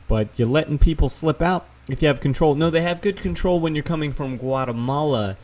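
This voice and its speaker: A man's voice: on the high side, a little fast, hardly any pauses, a little mellow. A man doing casual, sarcastic commentary, reading news articles aloud and adding profane asides. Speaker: vlogger fact-checking news. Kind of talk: casual screen-share commentary.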